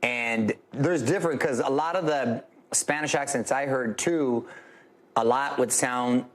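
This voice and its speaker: A man's voice: mid-range voice, unhurried. A middle-aged man from Southern California with a Chicano accent, chatting in a laid-back way as a guest, laughing easily and slipping into Spanish now and then. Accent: Chicano English. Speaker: TV host guest. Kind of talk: casual interview chat.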